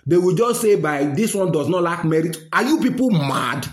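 A fired-up Nigerian man scolding and railing, his voice sitting high. He drops into Pidgin now and then. It sounds like an echoey room. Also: lively intonation, normal speed. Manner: indignant, scolding, mixes Pidgin phrases. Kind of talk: angry political rant.

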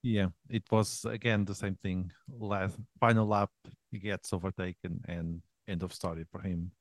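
A man with a very deep voice joins a casual sports chat. He halts and hesitates, filling pauses with ums and restarting his phrases. The sound is dry and close. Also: little pitch movement, no echo.

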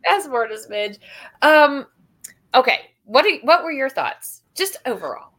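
A woman co-hosting a casual motorsport chat podcast, bubbly and excitable, laughing easily. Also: high voice, a little slow. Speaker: podcast co-host.

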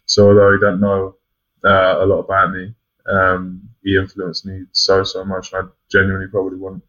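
A man's voice: deep voice, completely flat delivery, normal speed, a bit bright. A young man from England speaking as a podcast guest, frank and casual, swearing freely and filling gaps with ums. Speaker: podcast guest, rugby player. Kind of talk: casual reflective chat. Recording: dull lo-fi sound.

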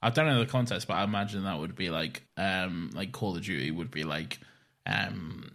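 A man co-hosting a podcast in relaxed, easygoing chat, peppered with "like" and "you know.". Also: deep voice, normal speed, creaky. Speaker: podcast co-host. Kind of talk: casual chat.

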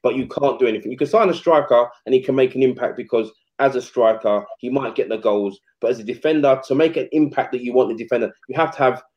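A man's voice: mid-range voice, fast talker, hardly any pauses. Casual man in his 40s, chatty anecdote-teller, slightly dull recording. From England. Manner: animated, slangy, acts out quotes. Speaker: retired footballer guest. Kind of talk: casual storytelling interview. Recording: slightly muffled podcast audio.

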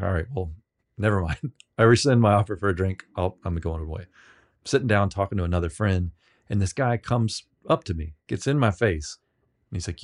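A man being interviewed on a podcast, telling rambling, self-deprecating stories with many halting restarts. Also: low-pitched, darkish tone. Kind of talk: casual storytelling.

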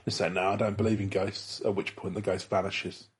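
A man's voice: low voice, flat delivery, fairly quick, slightly rough. A British man co-hosting a casual podcast chat, rambling and chuckling as he tells ghost stories. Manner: rambling, many restarts and chuckles. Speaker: podcast co-host.

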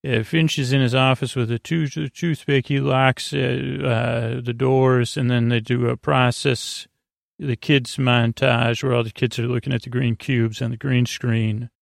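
A man hosting a sleepy bedtime podcast, retelling a story in a halting, rambling way with many fillers and restarts. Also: vocal fry, no room sound, clean studio sound. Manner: low-key monotone retelling. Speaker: podcast host. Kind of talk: sleepy bedtime episode recap.

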